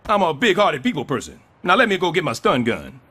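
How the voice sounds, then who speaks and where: A blustering, sarcastic cartoon super. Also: male voice, on the high side, big pitch swings, brisk, bright, forceful tone, slightly rough, full character voice. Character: scheming middle-aged male building superintendent. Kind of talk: animated sitcom voice acting.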